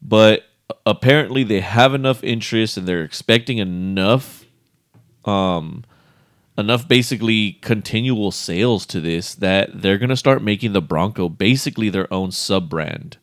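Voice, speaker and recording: A man co-hosting a podcast in casual chat, relaxed, laughing often and restarting his sentences. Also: lowish voice, normal speed, no room sound, studio quality. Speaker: podcast co-host.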